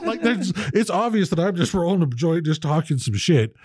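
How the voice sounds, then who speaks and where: A man's voice: a little high, normal speed, husky, no room sound, studio quality. A man co-hosting a podcast, telling rambling, profane stories in casual chat. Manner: rambling, profane, animated storyteller. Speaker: podcast co-host.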